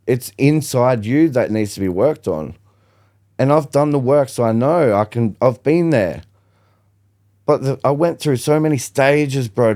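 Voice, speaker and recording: A man's voice: medium pitch, dark tone. Young guy on a podcast, swears constantly, blunt and fired up, just chatting. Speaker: podcast guest. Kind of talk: casual podcast chat.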